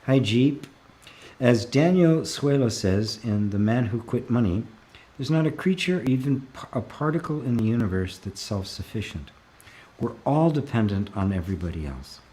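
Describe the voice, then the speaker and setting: Reading out comments from viewers, a male spiritual teacher answers them in a live Q&A with calm reflection and occasional soft laughter. He speaks at medium pitch, frequently slowing down to emphasize a word.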